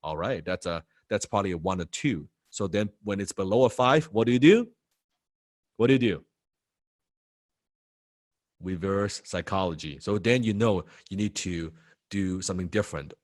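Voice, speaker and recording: A man's voice: low-pitched, normal speed, pauses often. A man teaching a sales training lesson, repeating key points and acting out what prospects say. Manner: animated, repeats key phrases, acts out prospects' replies.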